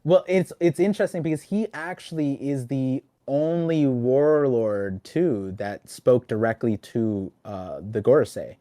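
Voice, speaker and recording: Young man, podcast host, rambling, animated, lots of restarts, mid pitch, dry sound. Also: unhurried, hardly any pauses, dry recording. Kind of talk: casual podcast chat.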